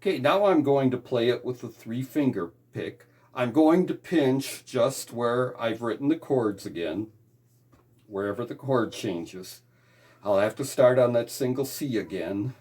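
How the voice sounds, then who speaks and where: A man's voice: mid-range voice, animated, a little slow, a little mellow. A man teaching a guitar lesson on hymn chords, explaining patiently step by step.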